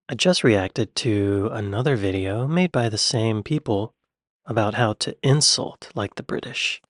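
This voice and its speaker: A man's voice: fairly low pitch, a little slow. Curious American man reacting aloud. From United States. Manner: curious, thinking aloud, amused. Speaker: reaction video host. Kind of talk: casual reaction commentary.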